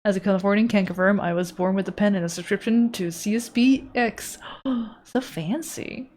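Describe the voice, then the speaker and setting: A woman's voice: medium pitch, fairly even intonation, brisk, a little mellow. A woman from Europe streaming live as an artist, reading chat aloud and joking with her viewers in a teasing, playful way. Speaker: art streamer. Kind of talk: casual live-stream chat while drawing.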